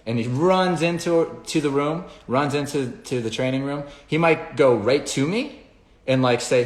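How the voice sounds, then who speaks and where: A man's voice: mid-range voice, a little slow, echoey room. A man who trains dogs, explaining his methods in a rambling, conversational way and acting out little scenes with the dogs. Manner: rambling, conversational, acts out dog scenarios. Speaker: dog trainer. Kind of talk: casual explanatory talk.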